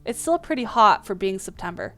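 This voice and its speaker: A woman's voice: medium pitch, expressive, fairly quick, bright, forceful tone, soft background music. A woman playing a dating game and reading its text aloud, with small slips and playful asides. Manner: reads lines with small slips and restarts.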